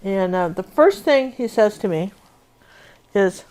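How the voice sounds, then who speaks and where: A painting instructor teaches a live lesson, chatting and telling rambling stories full of asides as she works. Her voice is medium-pitched, a little mellow and a little slow, with lively intonation.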